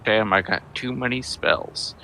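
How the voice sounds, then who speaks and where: A man playing in a live tabletop game, describing his character's actions slowly with many fillers and restarts. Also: on the low side, gravelly, pushed and bright, a little hiss or hum. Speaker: player.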